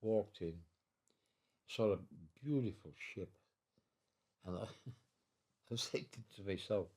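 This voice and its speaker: Very old man, deep mellow storyteller. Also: expressive, a little slow, long pauses. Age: 90s. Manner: rambling, repeats and restarts, chuckles while telling. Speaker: veteran interviewee. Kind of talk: storytelling interview. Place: his own home.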